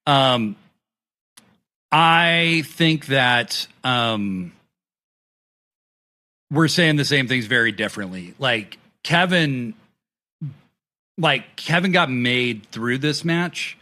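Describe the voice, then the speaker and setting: Bright-voiced man, animated chatter. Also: mid-range voice, drawn-out words, long pauses. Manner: excited, swears freely, acts out quotes. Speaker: podcast co-host. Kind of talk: casual wrestling review chat.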